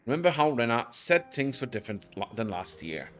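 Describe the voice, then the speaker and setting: A man's voice: medium pitch, big pitch swings, fairly quick, fairly bright tone, soft background music. A man streaming live, reading a visual novel aloud with emotion and intensity, sometimes stumbling over words. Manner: emotional, intense, with occasional slips. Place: home streaming setup.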